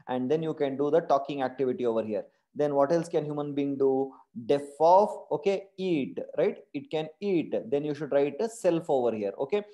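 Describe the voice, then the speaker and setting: Indian English male coding tutor, online class; warm higher voice, keeps checking the class with repeated tag questions. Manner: calls his class "my dear friends". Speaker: programming teacher.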